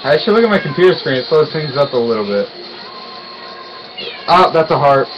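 Young male gamer, slightly high voice that swings widely, excitable let's-play commentary with faint background noise. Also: brisk, highs cut off. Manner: excitable, yelps and groans at failures. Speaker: gaming YouTuber.

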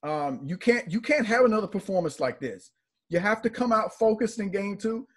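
A man's voice: high voice, animated, moderate pace, breathy edge. Exasperated man breaking down a basketball game. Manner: earnest, exasperated critique. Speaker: podcast co-host. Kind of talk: casual sports analysis.

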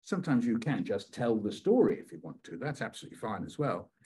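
A man's voice: medium pitch, very animated, quick pace, mellow, breathy edge. An older British man leading a poetry workshop, telling childhood stories playfully and repeating phrases in rhythm. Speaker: poet leading a writing workshop. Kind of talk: storytelling poetry lesson.

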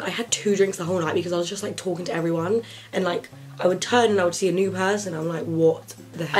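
Chatty young woman vlogging over soft music. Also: fairly low pitch. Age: young adult. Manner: chatty, filler-heavy storytelling. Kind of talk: casual chat to camera. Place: bedroom.

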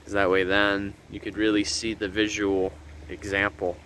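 A man's voice: level tone, normal speed, fairly bright tone, rough recording. A man giving easygoing, explanatory commentary on a nature walk by a river, loose with fillers, recorded on a handheld camera mic outdoors. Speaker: nature vlogger. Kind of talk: walking nature tour commentary. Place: outdoors by a river in a windy garden. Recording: wind rumble on outdoor mic. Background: wind noise.

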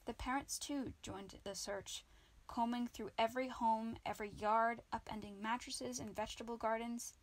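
A woman narrating a children's book in an amateur audiobook, reading lively. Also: fairly high pitch, normal speed. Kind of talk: children's book read-aloud.

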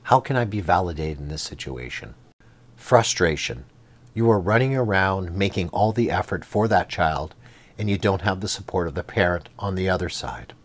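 A man's voice: low voice, lively intonation, moderate pace. A man taking part in a workshop, reading a scenario aloud in a plain, matter-of-fact way. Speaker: workshop participant.

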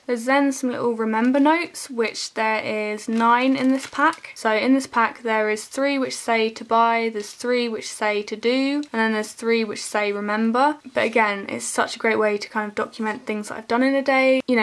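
A young woman narrating a casual haul vlog, chatty and gushing as she lists items one by one. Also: fairly high pitch. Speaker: vlogger.

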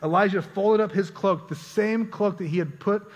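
A man's voice: high voice, moderate pace. A man preaching a sermon as pastor, earnest and conversational, often repeating words as he goes. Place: church sanctuary. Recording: church hall reverb.

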